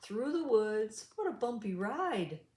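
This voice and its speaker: A woman reading a children's picture book aloud, slowly, with a sing-song storytelling manner. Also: a little high. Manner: slow, lively storytelling with sing-song voices for animals. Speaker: storybook reader. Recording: roomy echo.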